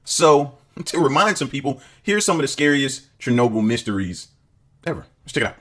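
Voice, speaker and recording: A man's voice: mid-range voice, big pitch swings, brisk, bright, forceful tone. A man giving casual, rambling commentary in a video. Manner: chatty, rambling. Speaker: video narrator.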